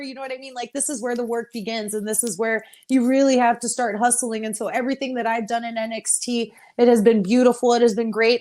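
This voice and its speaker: A woman's voice: a little high, darkish tone. Emotional, laughing woman interviewee. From Texas. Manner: open and emotional, laughs often. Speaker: interview guest, pro wrestler. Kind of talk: casual interview.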